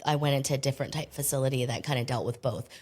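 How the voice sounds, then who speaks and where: Low-voiced, candid, chatty American woman. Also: fairly even intonation, rapid-fire, darkish tone, husky. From United States. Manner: candid and chatty, often acting out quoted voices; self-deprecating humor. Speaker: podcast guest. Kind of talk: casual interview storytelling.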